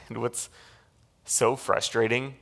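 A man preaching from the pulpit in a gravelly, mid-range voice. He retells the story with animated energy, repeating words as he restarts his thoughts and laughing now and then. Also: mid-range voice, slow pace. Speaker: pastor. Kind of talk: sermon.

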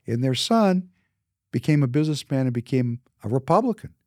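A man's voice: mid-range voice, very animated, brisk, a little mellow, no echo, studio quality. A man in his fifties from Minnesota tells personal stories in a casual monologue, emphatic and often repeating words for emphasis. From Minnesota, United States. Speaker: businessman.

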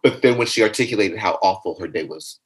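A man being interviewed in a casual conversation, talking in a playful, animated way that jumps into high comic voices. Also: quick pace, breathy edge, rough recording. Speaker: interview guest.

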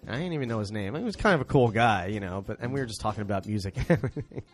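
Chatty guy hosting, talks fast, easygoing storyteller. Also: fairly low pitch, lively intonation, faint music behind. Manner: chatty, tells stories with laughs. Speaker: host. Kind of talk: casual conversation.

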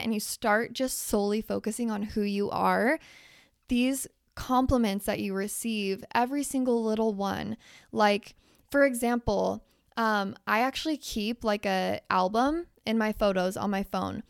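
A young woman hosting a motivational podcast, hoarse and raspy from losing her voice, talking in a blunt, emphatic way with casual swearing. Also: medium pitch, normal speed, no echo, studio quality. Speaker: podcast host.

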